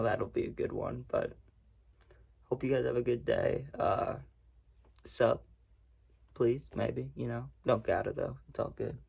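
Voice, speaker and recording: A young man with a gravelly, husky voice tells a long story in a loose, rambling way. He swears freely and keeps the tone casual and laid-back, like he's just chatting to his viewers. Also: mid-range voice, darkish tone. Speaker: storytime vlogger.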